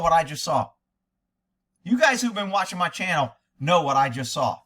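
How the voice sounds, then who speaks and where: Guy ranting and cussing over a video, sarcastic, voice jumps all over the place, bright and high. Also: animated, a little fast. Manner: profane, sarcastic, exasperated. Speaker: commentator, former fugitive hunter.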